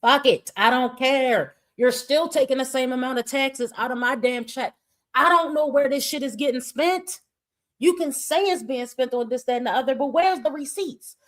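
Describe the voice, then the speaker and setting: A woman's voice: high voice, normal speed, fairly bright tone. A woman hosting a livestream, ranting in a blunt, profane and emphatic way. She reads viewers' chat comments aloud and fires back her own opinions between them. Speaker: livestream host.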